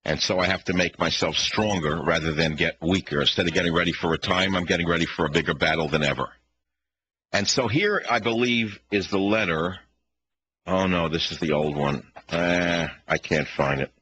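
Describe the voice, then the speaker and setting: A man's voice: low voice, normal speed, pushed and bright, a little hiss or hum, poor audio. A man with a Bronx New York accent hosting a talk radio show, ranting combatively and firing off rhetorical questions.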